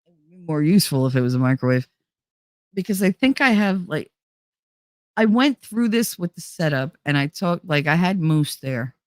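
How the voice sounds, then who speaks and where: A woman's voice: animated, moderate pace, no room sound, studio quality. A woman hosting a casual livestream, chatting with her viewers, swearing freely, laughing a lot and swinging her voice up and down. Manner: swearing, laughing, swings high and low in pitch. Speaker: streamer host. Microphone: desk microphone.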